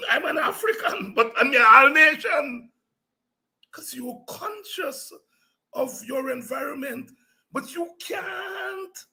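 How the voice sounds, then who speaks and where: A man hosting a political talk show, telling animated stories and breaking into song. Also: very high voice, gravelly. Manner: animated storytelling, breaks into singing and shouting. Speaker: show host.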